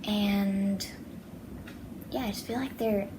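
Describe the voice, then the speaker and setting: A woman's voice: mid-range voice, steady tone, slow, background noise. A young woman chatting casually in a vlog, rambling with lots of fillers, alone in a house. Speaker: vlogger. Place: house, indoors.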